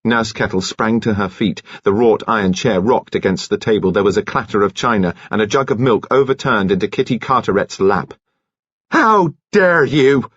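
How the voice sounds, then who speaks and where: Brief: low, husky male audiobook reader, dry close sound, dull lo-fi audio. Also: no room sound. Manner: measured, even storytelling. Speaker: audiobook narrator. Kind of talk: scripted audiobook narration.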